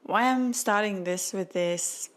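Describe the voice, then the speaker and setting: Slow-paced and slightly bright, this medium-pitched woman hosts a spiritual podcast. Her heartfelt, earnest words carry non-native phrasing, and she is on the verge of tears.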